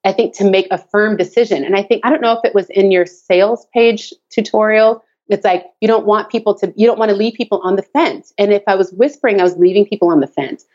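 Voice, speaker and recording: A woman's voice: medium pitch, fast talker, few pauses, highs cut off. A woman guest, a dance teacher, chatting casually in an interview and telling stories animatedly with frequent laughter. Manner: animated storyteller, laughs often, acts out her child's voice. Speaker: guest, tap dance teacher and course creator. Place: home office at the back of the garage.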